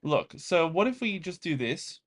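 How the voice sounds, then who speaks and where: Talking at a slightly slow pace, this young man from the United States sounds very animated, his pitch fairly high. He's a coding vlogger in a casual live session, muttering his thoughts aloud to viewers as he codes.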